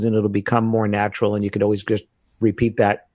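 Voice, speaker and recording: Man from the US, lowish voice, lively storytelling, dry close sound. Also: fast, dry recording. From United States. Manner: animated storytelling with laughs. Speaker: guest. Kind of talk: casual conversation.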